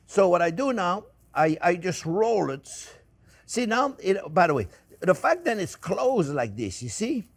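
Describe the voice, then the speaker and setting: Chatty older French chef, slightly high voice. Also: male voice. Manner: chatty, repeats himself, addresses viewers as friends. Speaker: cooking show host. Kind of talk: casual cooking demonstration. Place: kitchen.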